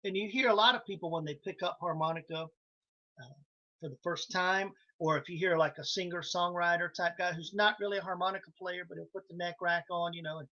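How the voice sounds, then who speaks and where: A man's voice: sits high, fairly even intonation, a little fast, pushed and bright, dull audio. A man teaching harmonica in a live online lesson, explaining licks step by step in a casual way and counting in the band. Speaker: harmonica instructor. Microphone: video call.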